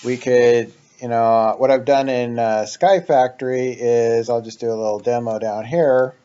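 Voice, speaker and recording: Male let's play host, mellow and unhurried, rambling thinking-aloud delivery, slightly muffled mic. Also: mid-range voice, fairly even intonation, clean tone. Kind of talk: casual gameplay commentary.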